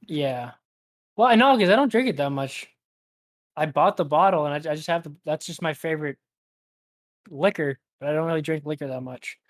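Relaxed young man, higher voice. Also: brisk, pauses often. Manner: relaxed, hesitant, with many fillers. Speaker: podcast co-host. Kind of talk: casual chat.

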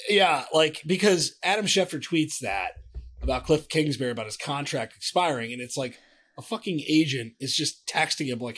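A man co-hosting a casual sports talk show, animated and profane, often trailing off and restarting. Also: fairly high pitch, moderate pace. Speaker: sports podcast co-host. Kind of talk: casual chat.

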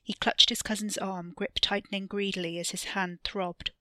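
A woman reading her own dark fiction podcast in a steady, measured storytelling voice. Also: mid-range voice, no echo. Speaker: podcast author and narrator. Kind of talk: audiobook-style fiction narration.

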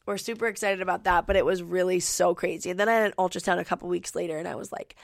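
A woman's voice: fairly low pitch, steady tone, very fast, gravelly, no echo, studio quality. A woman in her twenties hosting a podcast in casual chat, talking with lots of "like" fillers and a stuffy nose. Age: 20s. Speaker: podcast host. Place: home studio.

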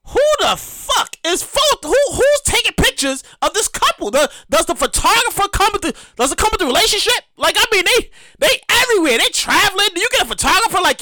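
Excitable high-voiced man ranting. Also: brisk, hardly any pauses, dry recording. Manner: rambling, repetitive, profane, excitable. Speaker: podcast host. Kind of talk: comedic rant monologue.

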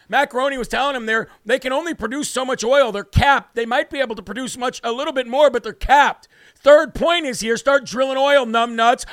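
Brash high-voiced male talk host. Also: a little fast, fairly bright tone, no room sound, studio quality. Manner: brash, ranting and mocking. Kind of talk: political commentary monologue.

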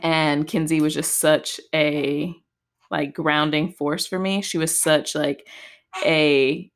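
A woman's voice: sits low, steady tone, slow. A young woman telling a personal story on a podcast in a casual, chatty way, full of "like" and "just". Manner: chatty, heavy use of "like" and "just". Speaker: podcast host.

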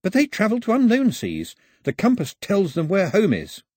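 A man's voice: high voice, wildly swooping pitch, normal speed, darkish tone, husky, no echo, studio quality, voice pushed up, exaggerated voice. A man doing a nervous eager young explainer. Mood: explaining.

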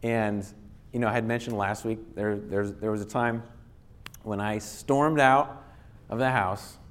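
A man's voice: on the low side, steady tone, a little slow. A man giving a casual, conversational lecture to a live audience, with frequent restarts and playful bits where he acts out angry voices. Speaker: speaker teaching on anger.

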